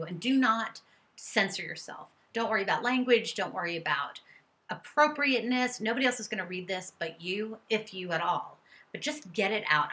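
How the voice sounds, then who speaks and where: A woman's voice: medium pitch, expressive, moderate pace, sharp tone. A middle-aged woman therapist giving earnest, coaching advice straight to her viewers and sometimes voicing angry statements as examples. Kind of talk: direct-to-camera advice talk.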